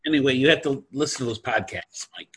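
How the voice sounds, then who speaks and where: Husky man chatting and laughing. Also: mid-range voice, fast talker. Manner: laughing, relaxed storytelling. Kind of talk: casual chat.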